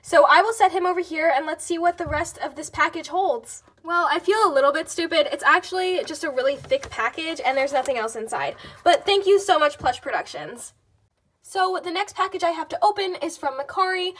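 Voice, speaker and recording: A woman vlogging as she unboxes fan mail, gushing and gasping with excitement. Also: very high voice, fairly quick, few pauses. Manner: gushing, gasping, repeats "oh my gosh".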